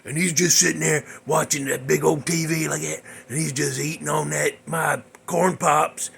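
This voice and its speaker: A man's voice: fairly high pitch, steady tone, normal speed, vocal fry, fairly bright tone, slight background noise. A man hosting his own show, telling a dream story in a rambling, folksy, exasperated way. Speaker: host. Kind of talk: comedic storytelling monologue.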